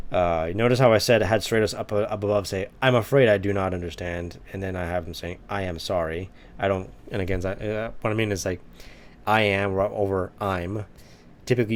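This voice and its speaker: A man's voice: low-pitched, steady tone, brisk. Chatty, self-mocking young man. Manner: self-mocking, chatty, many fillers and restarts. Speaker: writing vlogger. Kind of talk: casual commentary reading his old manuscript.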